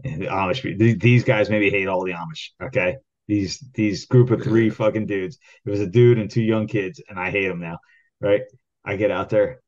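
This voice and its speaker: A man co-hosting a podcast who tells a rambling work story full of swearing, getting worked up and loudly acting out his own arguments. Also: on the low side, steady tone, moderate pace. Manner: heated, rambling, swears constantly, acts out quoted arguments loudly. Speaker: podcast co-host. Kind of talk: casual profane storytelling. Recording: dull lo-fi sound.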